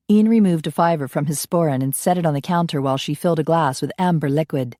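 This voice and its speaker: A woman narrating a romance audiobook in a steady storytelling manner. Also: deep voice, fast, few pauses, no echo, studio quality. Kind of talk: scripted narration.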